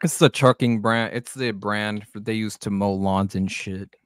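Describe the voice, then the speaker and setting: A man doing live play-by-play of a baseball game on a stream, joking, swearing and shouting on big plays, a bit out of breath. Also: on the low side, fairly even intonation, unhurried, clear, resonant tone, no echo, clean studio sound. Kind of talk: live amateur play-by-play commentary.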